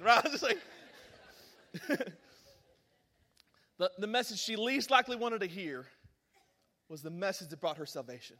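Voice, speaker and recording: A man preaches a sermon as an animated storyteller, breaking into excited bursts and laughter. His voice sits high for a man and rings bright. The sound carries a long reverb from a large hall. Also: moderate pace, pauses often.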